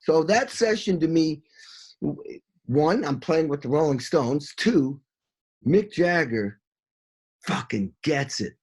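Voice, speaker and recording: An excitable middle-aged man with a husky, slightly raised voice tells studio war stories in a rush. He swears freely and sings out drum patterns as he goes. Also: fairly high pitch, takes it slowly, long pauses. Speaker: session drummer, interview guest. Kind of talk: animated storytelling in an interview.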